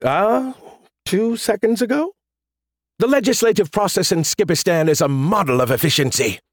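A man's voice: sits high, moderate pace, no echo, studio quality, voice pushed up. Man voicing a smug, sarcastic AI in a beer can. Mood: mocking. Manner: sarcastic, mocking, self-important.

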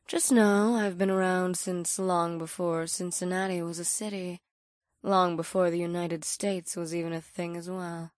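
A woman's voice: on the low side, fairly even intonation, normal speed, darkish tone, no room sound, studio quality, close to an everyday voice. A woman voicing a sly, ageless succubus who speaks in a playful, knowing way. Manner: playful, knowing, sing-song.

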